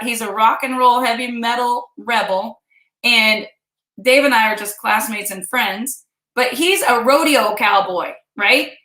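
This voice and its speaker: A Kansas woman in her fifties hosts a vlog, animatedly telling her viewers a personal story. Her voice is a little high, bright and forceful, and the recording has a roomy echo.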